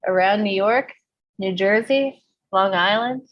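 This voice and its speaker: A woman from the Bay Area talks casually on a podcast, cursing often and telling stories with energy. Her pitch sits at a middle height for a woman. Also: unhurried, lo-fi sound. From San Francisco Bay Area. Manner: swears freely, animated storytelling. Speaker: podcast co-host. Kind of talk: casual chat.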